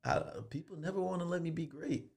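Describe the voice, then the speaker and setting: A man's voice: on the high side, brisk, vocal fry, a little mellow. Brash, teasing podcast host, a man. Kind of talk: casual chat.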